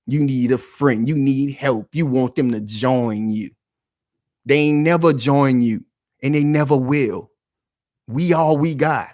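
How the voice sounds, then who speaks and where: Male vlog host, heated and confrontational, talks loud, dry close recording. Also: mid-range voice, measured pace, no echo. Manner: rhetorical questions, slangy. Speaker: commentary channel host. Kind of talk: heated commentary.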